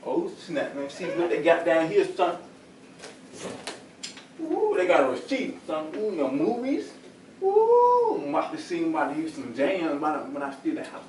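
A man doing a squeaky, gleeful young burglar. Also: wildly swooping pitch, moderate pace, a little mellow, slight background noise. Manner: gleeful exclamations, slangy street talk. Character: sneaky young male burglar, excitable. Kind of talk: comedy skit acting. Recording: roomy and far from the mic.

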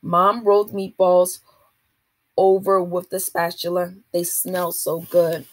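Slow, slightly husky woman reading aloud. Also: lowish voice, flat delivery, no echo. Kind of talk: reading a children's novel aloud.

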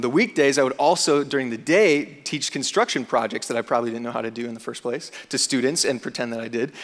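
A young man, a student chaplain, speaking from the stage in a university chapel and telling a personal story with animated energy. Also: mid-range voice. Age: young adult. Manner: animated storyteller, acts out his own panic. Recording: long hall reverb.

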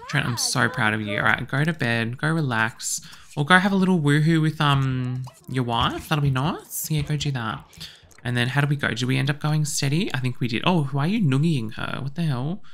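Excitable man with vocal fry. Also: mid-range voice. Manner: chatty, excitable, quick exclamations. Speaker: gaming YouTuber. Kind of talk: let's play commentary.

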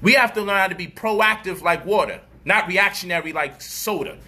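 A man delivering an animated, profane street-style commentary monologue, mocking people and acting out their voices. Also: high-pitched, normal speed.

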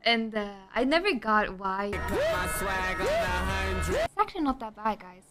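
A woman chatting casually on a stream in a giggly, animated way. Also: fairly high pitch, measured pace, music in the background. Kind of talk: casual livestream chat.

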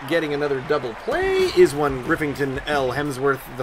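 A man giving chatty, excitable let's-play commentary and talking back at the game as he plays. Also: fairly high pitch, normal speed, hardly any pauses, over music. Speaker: gaming YouTuber. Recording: loud game crowd and ambient noise behind the voice.

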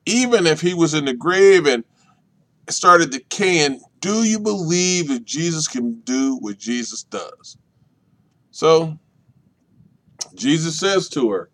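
A minister leading a Bible study, talking deliberately and repeating key points for emphasis. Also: male voice, expressive. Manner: swings between loud emphasis and soft, low delivery.

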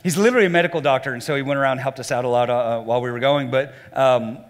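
Male pastor preaching in a reverberant hall. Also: very fast. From Southern US. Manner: animated, acts out quoted voices at a much higher pitch. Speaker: lead pastor. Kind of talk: sermon. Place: church auditorium.

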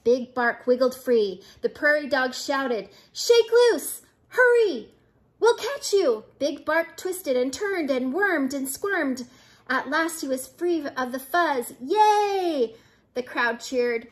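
An older woman, a grandmother, reading a children's picture book aloud with lively, expressive narration. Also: high voice, slow pace. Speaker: storybook reader.

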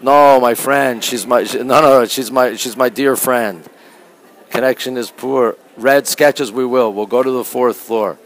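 A man from Canada chatting casually to viewers of a live stream while walking through an art museum, greeting them by name and often talking quietly into a handheld phone. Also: medium pitch, fairly even intonation, measured pace, rough recording. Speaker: livestreamer touring a museum. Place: indoor art museum gallery. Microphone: phone held while walking.

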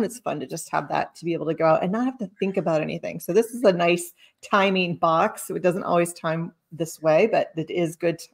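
A woman's voice: fairly low pitch, creaky. A woman hosting a casual cheese tasting chat, explaining each cheese with many fillers and self-corrections. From lives in Sicily. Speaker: cheese box host.

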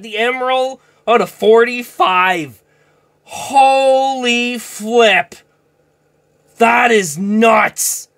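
Excitable high-voiced man opening cards. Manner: excitable, shouting exclamations, mild minced oaths. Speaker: hockey card channel host. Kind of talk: excited card-opening vlog.

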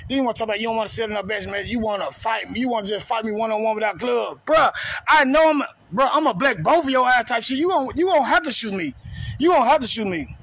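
A man launches into a heated, profane rant on a live video. His voice sits very high and rings bright and forceful, and he keeps hammering the same taunts. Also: expressive, fast. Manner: confrontational, repetitive taunting. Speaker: streamer ranting on a live video.

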